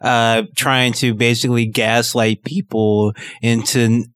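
A man's voice: mid-range voice, level tone, measured pace, fairly bright tone, smooth, no room sound. A man co-hosting a podcast, wry and hunting for words with many fillers. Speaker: podcast co-host. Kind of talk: casual podcast chat.

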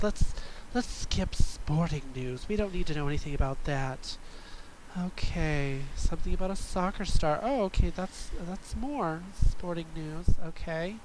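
A man's voice: sits high, slight background noise, low-quality recording. A man voicing a campy, sassy drag queen bouncer who calls everyone darling and swings between sweetness and dramatic outbursts, in an improvised comedy sketch. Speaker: podcast host in character.

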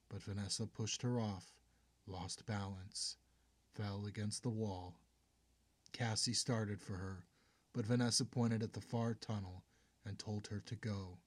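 A man narrating an audiobook in a steady, measured way, going hushed in tense passages. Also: lowish voice, dry recording.

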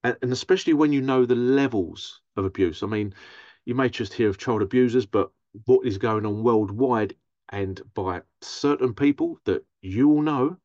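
A man's voice: mid-range voice, moderate pace, dry recording. Man, therapist, casual monologue, mimics others, dry muffled recording. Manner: animated, mimics others in raised voice. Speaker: therapist and podcast host.

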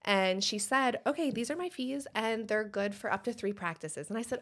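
A woman's voice: a little high, fairly quick, hardly any pauses, fairly bright tone. A woman in her thirties, a dentist guest, telling a story in conversation and laughing often. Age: 30s.

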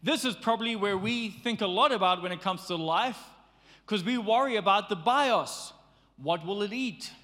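A man preaching a sermon in a lively, conversational way, slipping into playful acted asides. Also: sits high, normal speed, long reverb tail. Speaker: pastor.

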